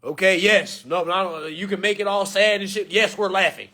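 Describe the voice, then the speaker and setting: A man ranting to camera in an animated, joking way, loud and slangy, calling out to his viewers. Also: sits high, normal speed.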